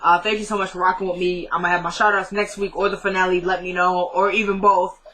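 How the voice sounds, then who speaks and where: A young woman vlogger chatting casually through an episode recap, retelling scenes in a lively, animated way. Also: fairly low pitch, fast talker, rough recording.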